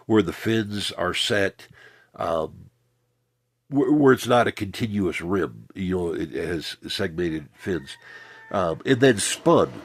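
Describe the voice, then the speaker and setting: A man's voice: low-pitched, expressive, slow pace, breathy edge, no room sound. A middle-aged man, rambling through a casual vlog monologue with many ums and restarts. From Southern United States. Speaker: vlogger.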